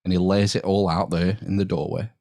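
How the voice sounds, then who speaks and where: A British man with a very deep voice spins an offhand, laid-back story in casual podcast chat. He swears freely and breaks into laughter easily. The sound is dry and close, with no room echo. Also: level tone, brisk, warm tone. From United Kingdom. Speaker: podcast guest or co-host.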